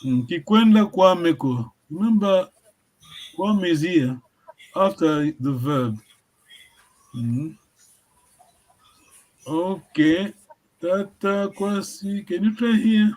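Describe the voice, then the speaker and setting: A man's voice: high-pitched, slow pace, pauses often, darkish tone. A man teaching a language lesson, encouraging his students and often checking that they follow.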